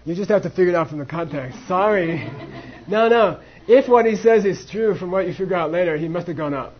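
High husky guy teaching a debate class, plays both sides, muffled lo-fi recording. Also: a little fast. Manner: lively, acts out both debaters, mixes in Tibetan phrases. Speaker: Buddhist philosophy teacher.

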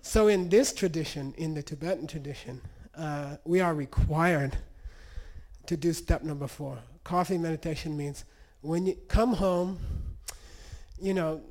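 Brief: casual male meditation teacher, mellow and slightly high voice, keeps asking "okay?". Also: unhurried. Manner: conversational, checks in with "okay?" and "you know". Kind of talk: storytelling lesson.

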